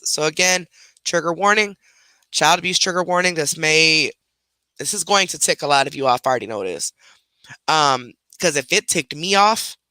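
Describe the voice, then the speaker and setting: A woman's voice: low-pitched, bright, forceful tone, no echo. Blunt chatty woman livestreaming from home. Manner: chatty, blunt, talks to pets and chat. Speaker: livestream reaction host. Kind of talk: casual livestream chat.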